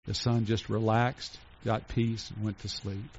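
A pastor preaching a sermon in an earnest way, slowing down to stress each item in a list and going soft for tender points. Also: male voice, on the low side, little pitch movement, slight background noise. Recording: dull lo-fi recording.

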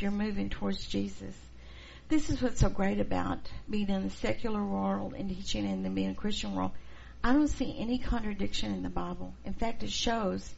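A middle-aged woman teaching a church class, expressive and acting out the people she quotes. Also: mid-range voice, creaky, breathy edge. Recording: dull lo-fi recording, faint noise.

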